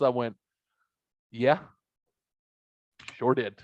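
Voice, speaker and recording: A middle-aged man hosting a casual podcast, telling rambling stories with lots of swearing and animated quoted voices, on a headset mic. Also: a little slow, pauses often, dry recording. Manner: rambling storyteller, swears a lot, bursts into high excited quotes. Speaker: podcast host.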